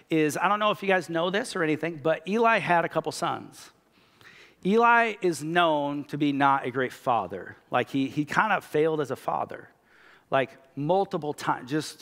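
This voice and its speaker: A man preaching a sermon in a relaxed, chatty way, leaning on filler words as he tells his stories. His voice sits a little high for a man. The sound hangs in the long reverb of a church auditorium. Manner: casual, animated storytelling with many fillers. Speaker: pastor.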